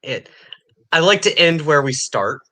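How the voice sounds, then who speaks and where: A man's voice: on the high side, expressive, measured pace, pushed and bright. A man co-hosting a casual podcast, giving sarcastic political opinions and laughing between points. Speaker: podcast co-host.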